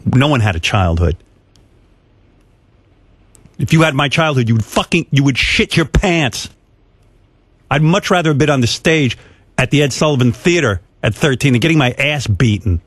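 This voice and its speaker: A man's voice: medium pitch, animated, normal speed, pauses often, dry recording. A man radio host ranting bluntly with heavy profanity and scorn. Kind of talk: talk show rant.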